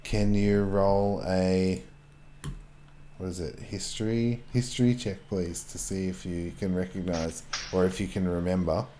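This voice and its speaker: Deep-voiced game master. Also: male voice, steady tone, warm tone, a little hiss or hum. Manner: halting, many fillers and restarts. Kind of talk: narrating a tabletop game.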